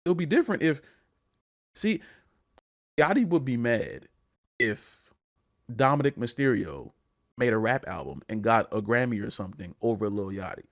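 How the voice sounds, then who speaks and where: A man's voice: mid-range voice, big pitch swings, moderate pace, creaky, long pauses. A man co-hosting a wrestling podcast, ranting in casual chat and often repeating his words. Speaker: podcast co-host.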